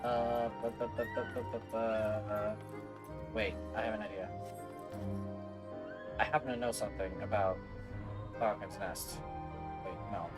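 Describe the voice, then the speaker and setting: A man's voice: fairly low pitch, little pitch movement, measured pace, pauses often, over music. A man streaming a game, chatting casually and correcting himself as he goes. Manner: casual, rambling and self-correcting. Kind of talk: casual gaming commentary.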